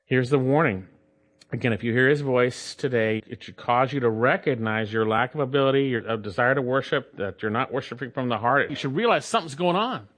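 A male pastor preaching a sermon, emphatic, with sweeping shifts in pitch and pace. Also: fairly quick, fairly bright tone.

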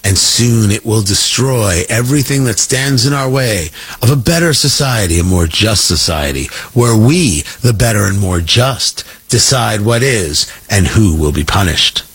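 A man voicing a sinister, gloating schemer in a slow, theatrical drawl. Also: fairly low pitch, animated, fairly bright tone, breathy edge, dry recording, voice pushed down, full character voice.

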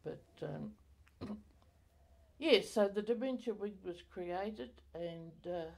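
An older woman recalling her community life in an oral history interview, halting with many fillers and self-corrections. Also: mid-range voice, gravelly, darkish tone.

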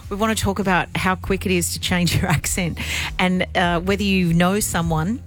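A woman co-hosts a radio show in loose, casual banter, quick to laugh and to tease herself. Faint music sits under her voice. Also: fairly low pitch, steady tone. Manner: chatty, self-deprecating, laughs easily. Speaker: radio co-host.

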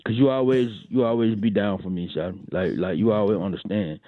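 A man's voice: lowish voice, fairly quick, no room sound. A man, drawling and repeating himself, telling a comic story on a morning radio show. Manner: drawling, repetitive, calls everyone shawty and boy. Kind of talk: comedic morning radio monologue. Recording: tinny phone-like radio line.

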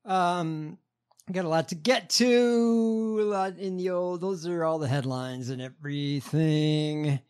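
A man's voice: on the high side, a little slow, darkish tone, clean tone. A man hosting a casual podcast, reading news headlines with hesitant fillers.

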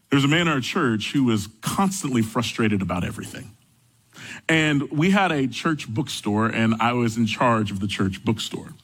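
A young man preaching a sermon, reading scripture and telling stories from his own life in a conversational, animated way. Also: on the high side, breathy edge. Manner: conversational storytelling, rising animated when excited. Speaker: pastor.

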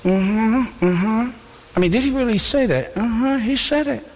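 Gossiping, scandalized scribes, hushed and high as a preacher does them, reverberant hall. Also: male voice, a little slow, full character voice. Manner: hushed, conspiratorial. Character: gossiping, scandalized religious men.

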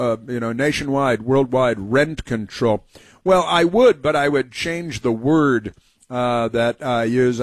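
A man hosting a talk radio show, speaking in a sarcastic, mocking way with many halting fillers. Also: medium pitch, no echo.

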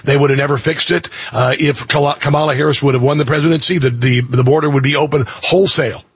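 Husky-voiced man ranting on talk radio. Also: on the high side, fairly even intonation, quick pace, no room sound. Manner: rambling and blunt, full of "uh" restarts. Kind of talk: opinionated talk radio commentary.

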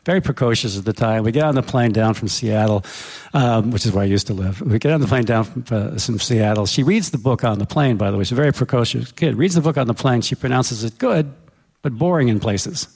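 A middle-aged man with a gravelly voice tells a long, rambling anecdote. He keeps restarting his phrases and takes the story on side paths for comic effect. His voice carries a long hall reverb. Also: medium pitch, fairly quick, a little mellow. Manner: rambling, self-correcting, humorous anecdotes. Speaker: author guest. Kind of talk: storytelling interview talk.

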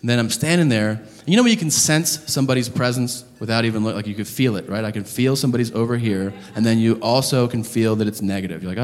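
A man doing a stand-up comedy routine, telling a story in an animated, profane, incredulous way. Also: medium pitch, fast talker, few pauses. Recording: live club, reverb, audience noise. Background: audience laughter.

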